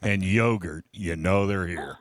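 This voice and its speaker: A man's voice: low-pitched, measured pace, dry recording. A man co-hosting a radio show, trading playful jokes in casual banter and reading an ad. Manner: joking, playful. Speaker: co-host.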